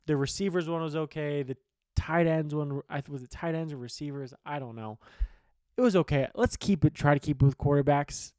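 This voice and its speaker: A man with a slightly high voice chats about football in a loose, rambling way, throwing in casual swearing and strong opinions. The sound is dry and close, with no room echo. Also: brisk, darkish tone. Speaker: sports betting podcast host. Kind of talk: casual sports talk.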